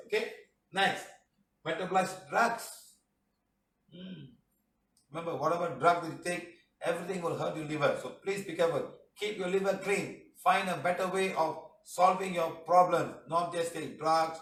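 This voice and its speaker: A man's voice: high-pitched, moderate pace, fairly bright tone. A man with teaching a healing class, chiding and joking as he keeps asking "huh?". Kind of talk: lecture. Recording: echoey room, mic far off.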